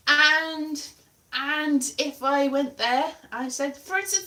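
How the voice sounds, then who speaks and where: A woman talks casually to her livestream viewers, wandering from one anecdote to the next. Her voice sits a little high. She sounds some distance from the mic, in a room with noticeable echo. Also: slow pace. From Wales. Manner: rambling, chatty, animated storytelling. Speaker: livestream host.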